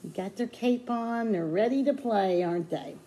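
A children's librarian leading a sing-along storytime for babies, slow, sing-song and encouraging as she sings nursery rhymes and reads. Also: mid-range voice, dark tone.

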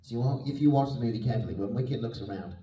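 A man's voice: medium pitch, rapid-fire, dark tone, lo-fi sound. A man telling chatty, self-deprecating stories as the guest actor on a convention panel, laughing often. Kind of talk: anecdotal panel Q&A. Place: convention hall. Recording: echoey hall, mic at a distance.

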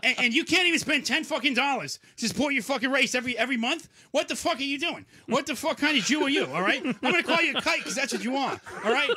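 A man's voice: very high-pitched, pushed and bright, heavily acted. A man doing a snarling old-movie tough guy. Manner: snarling, clipped, repeats "all right?". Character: tough-talking angry man, old gangster-movie manner.

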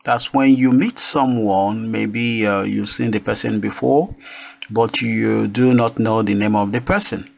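A man teaching a beginners' French lesson, explaining slowly and repeating each phrase for practice. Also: fairly low pitch, steady tone, vocal fry. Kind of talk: spoken language lesson. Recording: dull lo-fi recording.

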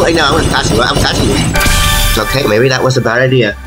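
A man giving casual, excitable gameplay commentary as host of a gaming channel, trash-talking in slang. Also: mid-range voice, fast. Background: loud game music.

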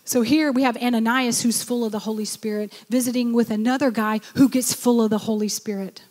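A woman's voice: fairly high pitch, fairly even intonation, a little fast, darkish tone, in a large hall. A woman pastor preaching a sermon, exhorting her listeners and urging them on. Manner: exhorting, repeats "come on".

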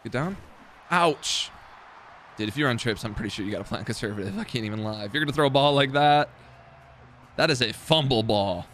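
A young man, streaming as he plays a football video game, mutters casual commentary to himself, swearing and mocking his mistakes. He has a medium-pitched, slightly bright voice with lively intonation, talking fairly quickly but with long pauses, and slight background noise is present.

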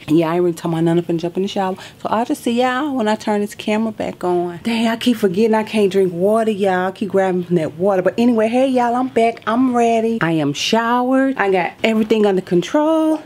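A woman's voice: mid-range voice, warm tone, slight background noise. A nervous woman vlogging casually to a handheld camera at home and in a hospital pre-op room, chatty, slangy and laughing often. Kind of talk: casual vlog chat to camera.

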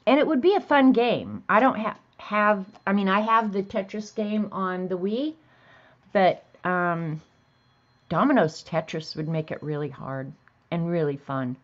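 A woman's voice: mid-range voice, unhurried, lo-fi sound. A woman hosting a casual livestream, chatting to viewers and laughing easily as she reads funny bits aloud. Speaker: host.

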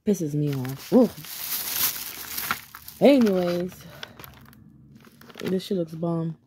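While working on a gift for her craft vlog, a woman chats casually, frustrated easily and swearing frequently. Her fairly low voice is animated but extremely slow, and there's faint noise behind her.

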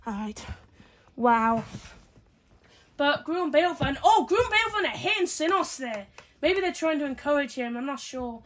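A woman giving excitable play-by-play fight commentary, full of exclamations and counts. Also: sits high, normal speed.

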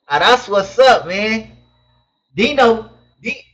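High-voiced slangy young man on a stream. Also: measured pace, a bit bright. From Southern California. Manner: loose slangy banter, reads chat questions aloud. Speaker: live stream host answering chat questions. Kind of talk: casual live-stream chat. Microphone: webcam mic. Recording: dull lo-fi webcam audio.

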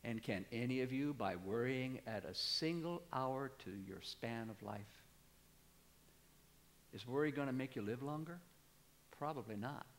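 A pastor in his sixties preaching a sermon, animated, climbing to emphatic peaks and dropping low. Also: a little slow. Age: 60s. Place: church sanctuary. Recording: long church reverb.

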